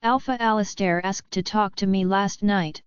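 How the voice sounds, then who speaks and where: A woman voicing a protective, possessive young werewolf alpha king, in a gruff, commanding way, in an audiobook. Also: high-pitched, steady tone, normal speed, dry recording, lo-fi sound, natural voice. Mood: stern.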